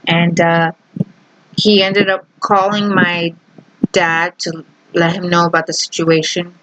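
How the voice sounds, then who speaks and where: A woman's voice: lowish voice, level tone, slow pace, fairly bright tone, slight background noise, poor audio. Chatty young woman telling a story. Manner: rambling, chatty, amused. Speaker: vlogger. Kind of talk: casual storytime.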